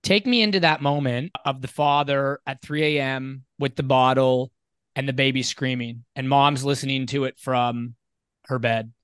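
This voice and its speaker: A man's voice: mid-range voice, fairly even intonation, normal speed, a bit bright, clean tone, no room sound. A man hosting a podcast interview, asking probing, reflective questions and laughing easily. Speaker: podcast host. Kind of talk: conversational interview.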